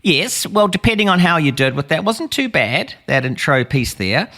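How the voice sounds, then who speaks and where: Bright-voiced rambling male podcast host. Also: fairly high pitch, big pitch swings. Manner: meandering, slows for comic effect. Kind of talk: casual comedy chat.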